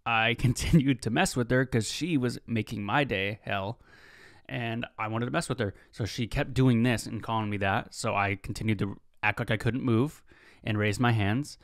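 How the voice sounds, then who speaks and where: A man's voice: medium pitch, moderate pace, dry recording, studio quality. A man in his twenties hosting a podcast, telling rambling, laid-back stories in a casual monologue. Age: 20s. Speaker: podcast host.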